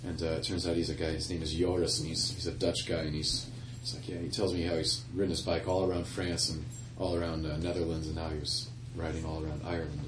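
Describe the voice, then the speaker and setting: Here the performer's voice rumbles low and comes out flat and fast as he spins a wandering tale for the audience between numbers, chuckling and backtracking. Captured from afar in an echoey live room, the stage chatter sits over a noisy background.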